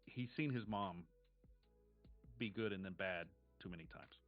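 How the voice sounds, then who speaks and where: A man running a tabletop role-playing game as game master, narrating in a measured, descriptive way with casual swearing. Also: deep voice. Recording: dull lo-fi stream audio with faint music.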